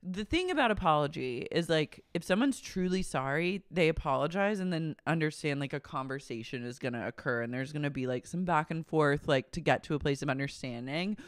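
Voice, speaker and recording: Snarky, fairly high-voiced man on a podcast. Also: expressive, clean tone, no echo, clean studio sound. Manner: snarky, quick with bold jokes. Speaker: podcast co-host. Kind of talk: casual gossip chat recapping a reality show.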